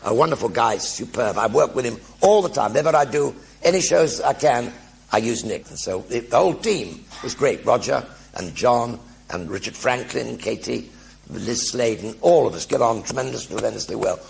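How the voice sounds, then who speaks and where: An older British man spins comic stories from a theatre stage, his voice gravelly and rough at the edges. He is a lively raconteur who slips into other people's voices and throws in sound effects as he goes. His pitch sits in an everyday middle range. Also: moderate pace. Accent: British English. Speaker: actor telling stage anecdotes. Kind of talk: one-man stage show storytelling.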